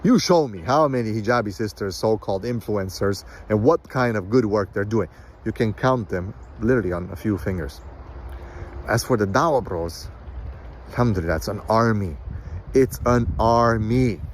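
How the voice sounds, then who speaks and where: Blunt lecturing man, low voice. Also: normal speed, slight background noise. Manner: blunt, lecturing, mocking quotes in a higher voice. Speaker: Islamic counselor and commentator. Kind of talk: opinionated monologue.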